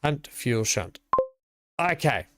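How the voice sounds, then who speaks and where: A man's voice: medium pitch, sing-song, slow pace, fairly bright tone, slight background noise. An Australian man chatting casually to his live-stream viewers while playing, rambling and greeting them by name.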